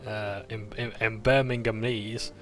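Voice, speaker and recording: A man recaps a tabletop roleplaying session in a relaxed, casual way, often stopping on an "uh" or correcting himself. His voice sits low but has a bright, forceful edge, with faint music behind him. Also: a little slow. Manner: casual, with frequent "uh" and self-corrections. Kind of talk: recap narration of a tabletop game.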